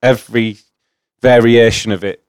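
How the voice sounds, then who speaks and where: A man's voice: medium pitch, steady tone, moderate pace, clear, resonant tone, no room sound, clean studio sound. A man, joking easily in casual podcast chat. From north-east England.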